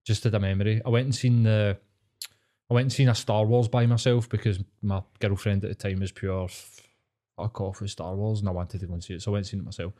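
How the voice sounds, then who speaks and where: A man's voice: on the low side, little pitch movement, fast talker, mellow. A young man telling stories in casual, sweary podcast banter. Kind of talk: casual chat.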